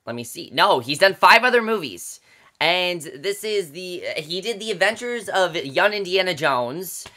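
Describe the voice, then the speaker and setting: A man's voice: high voice, animated, a little slow, pushed and bright. A man giving a ranting movie review to camera, blunt and exasperated, with many fillers and restarts.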